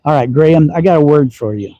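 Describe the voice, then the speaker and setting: A man's voice: a little high, quick pace, muffled recording. Folksy Texan man with slight Southern twang. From Texas. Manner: folksy, teasing, chuckles often. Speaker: slingshot livestream host. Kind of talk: casual livestream chat while shooting. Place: outdoor backyard shooting range.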